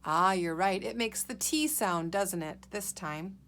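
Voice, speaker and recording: A woman's voice: mid-range voice, animated, unhurried, fairly bright tone. A woman teacher leading a guided reading lesson for young children, patient and encouraging, sounding out letters and words.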